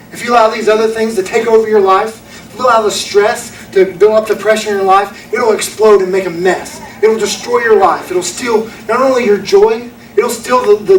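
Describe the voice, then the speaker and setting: A man's voice: high-pitched, a little hiss or hum. A young man preaching a sermon, telling a story in an earnest, folksy way. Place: church auditorium. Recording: echoey room from a distance.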